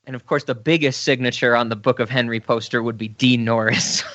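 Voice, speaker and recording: A man's voice: mid-range voice, fairly even intonation, brisk, fairly bright tone, no echo. A man co-hosting a podcast in casual chat, laughing often and rambling off on tangents. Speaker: podcast co-host.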